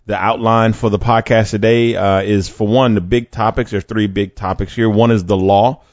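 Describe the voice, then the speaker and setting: Man, podcast host, faith teaching, low voice, dry slightly dull sound, casual rhetorical questions. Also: flat delivery, moderate pace, darkish tone, no room sound. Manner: conversational, uses fillers and restarts, rhetorical questions.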